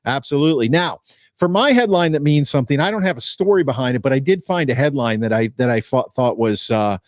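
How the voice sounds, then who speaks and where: A man's voice: mid-range voice, lively intonation, brisk, no room sound, clean studio sound. Joking man hosting a podcast. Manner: jokey, laughs often, rambling restarts. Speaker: podcast host. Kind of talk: casual sports podcast banter.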